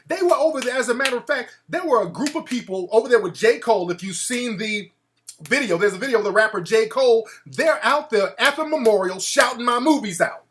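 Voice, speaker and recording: A man hosting a talk show, ranting in an animated, mocking way and putting on voices to quote people. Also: high voice. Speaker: show host. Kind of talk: casual talk-show rant.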